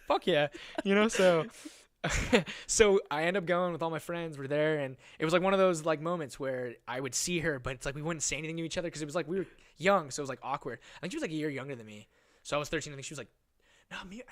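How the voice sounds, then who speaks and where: A man's voice: fairly high pitch, lively intonation, fast talker, a bit bright. A young man hosting a podcast, telling a rambling story in casual chat, swearing and laughing often. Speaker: podcast host.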